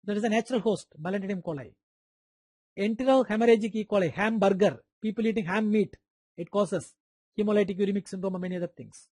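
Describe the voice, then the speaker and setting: This is a quick-paced, high-voiced man with a darkish tone and an Indian English accent, teaching a live online medical class with no room sound. He keeps repeating important terms, quizzes students by name, and adds playful sound effects along the way.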